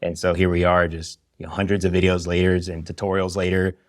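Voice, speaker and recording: Studio-quality audio with no room sound captures a low-voiced man talking a little fast. He's in his thirties, teaches video, and guests on a podcast, telling his story energetically with plenty of "you know" in a laid-back interview chat.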